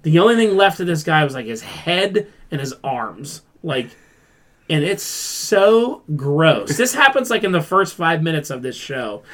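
A man hosting a casual pop culture talk, animated, acting out quoted lines and swearing freely. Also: fairly high pitch, measured pace. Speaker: podcast host. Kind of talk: casual chat.

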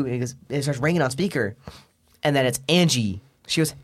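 Brief: teen guy, podcast guest, profane slangy storyteller, mid-pitched. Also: fast talker. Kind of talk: casual storytelling chat.

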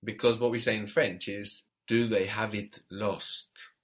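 Man, language tutor, patient and methodical, unhurried delivery, deeper voice. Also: steady tone, fairly bright tone. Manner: patient, prompts and corrects step by step. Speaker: French teacher. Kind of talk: one-on-one language lesson.

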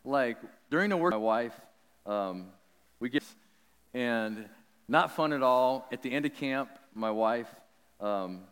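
A man of middle pitch preaches, slipping into a loose, conversational storytelling voice full of likes and ums. His voice rings out with a long reverb, as in a large hall. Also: takes it slowly, clear, resonant tone. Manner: animated, chatty, many likes and ums. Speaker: pastor. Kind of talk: sermon told as a personal story.

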